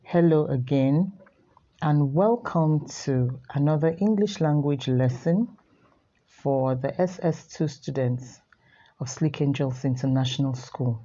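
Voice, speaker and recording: A woman teaching an online class from home, measured and repeating key words for her students. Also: deep voice, dark tone, highs cut off. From Nigeria.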